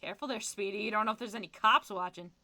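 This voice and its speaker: A young adult woman streamer chatting casually while gaming, telling animated stories full of fillers and laughter. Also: mid-range voice, fast.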